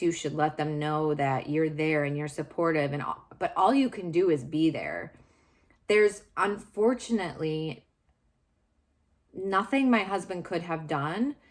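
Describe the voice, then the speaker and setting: Low-voiced woman telling her story candidly. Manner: confessional, searching, frequent fillers and restarts. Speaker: vlogger sharing personal story.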